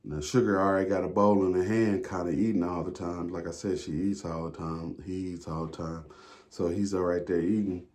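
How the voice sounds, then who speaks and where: A man's voice: low voice, fairly even intonation, fairly quick, a little mellow. A man telling a prison story in a casual, rambling monologue, full of slang and swearing. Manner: slangy, profane, rambling with fillers.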